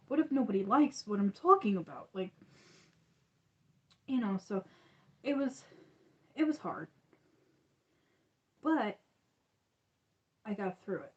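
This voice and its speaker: A woman's voice: mid-range voice, lively intonation, takes it slowly, long pauses, lo-fi sound. A woman hosting a crochet channel, chatting casually on a livestream, rambling and restarting with lots of fillers.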